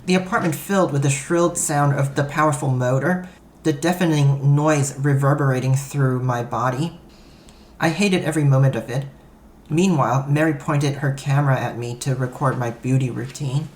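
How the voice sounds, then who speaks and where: A man's voice: medium pitch, fairly even intonation, moderate pace. Man, first-person story narrator, matter-of-fact, echoey room. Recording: roomy echo.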